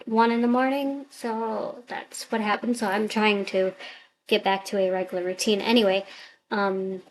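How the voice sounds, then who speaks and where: A woman's voice: medium pitch, steady tone, normal speed, a little hiss or hum, rough recording. A woman vlogger chatting casually to camera, thinking aloud in an upbeat, rambling way, recorded on a computer webcam mic.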